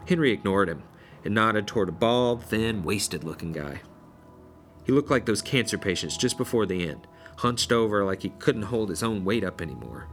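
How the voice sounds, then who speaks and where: A man's voice: fairly low pitch, animated, moderate pace, fairly bright tone. A man narrating a first-person horror story in a blunt, wry, profane way. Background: faint music.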